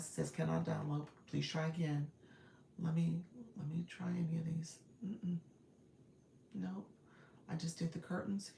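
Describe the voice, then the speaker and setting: A woman's voice: sits low, gravelly, dark tone, slight background noise. A woman live-streaming coach giving casual advice and answering viewer comments as she goes. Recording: roomy echo, distant from mic.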